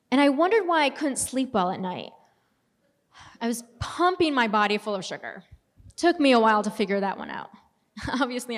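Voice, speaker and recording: Woman, young adult, personal testimony, casual storytelling, long hall echo. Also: a little high. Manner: casual storytelling with self-deprecating humor. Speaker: speaker giving a testimony.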